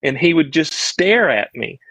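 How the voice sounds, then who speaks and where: A middle-aged man with a Southern US accent tells a childhood story as a podcast guest, earnest and rambling, often restarting his sentences. His voice sits a touch high for a man. The sound is dry and close, with almost no room echo. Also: animated, unhurried, bright, forceful tone. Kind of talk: casual storytelling on a live stream.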